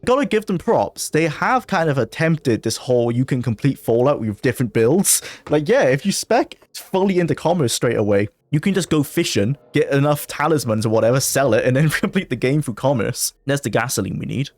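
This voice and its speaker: Male gaming commentator, mid-pitched, excitable and jumpy, laughs a lot, dry close sound. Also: fairly quick, few pauses, no echo. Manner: excitable, jumpy bursts of panic, frequent laughter. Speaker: gaming video creator. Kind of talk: let's play commentary.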